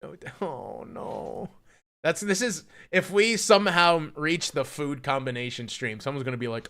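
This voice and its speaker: A man's voice: a little high, lively intonation, a little slow, fairly bright tone. A young man streaming live, ranting in a profane, mocking, incredulous way. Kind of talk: casual livestream rant.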